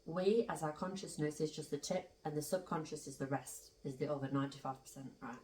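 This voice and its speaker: A chatty woman gives a tarot reading in a loose, rambling way, leaning hard on her points. Her voice sits a little low and sounds roomy, picked up from some distance off the mic. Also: a little fast, darkish tone, a little hiss or hum. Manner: chatty, emphatic, rambling with asides. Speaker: tarot reader. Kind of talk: casual spiritual tarot reading.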